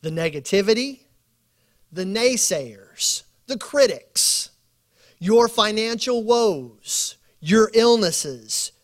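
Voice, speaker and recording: A man preaching at a bible study, telling stories with acted quotes and building slow emphatic lists. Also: sits high, a bit bright. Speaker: pastor.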